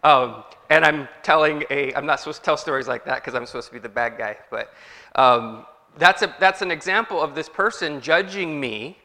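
Male preacher, chatty, asks the room questions; tense bright tone, echoing hall. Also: on the high side, moderate pace. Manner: conversational, asks the congregation questions. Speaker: pastor. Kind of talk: sermon. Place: church hall.

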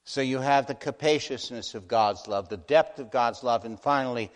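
A man preaching a sermon, moving between hushed, slow passages and loud, impassioned warnings. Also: medium pitch. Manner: dramatic, swings from hushed to impassioned. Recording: long hall reverb.

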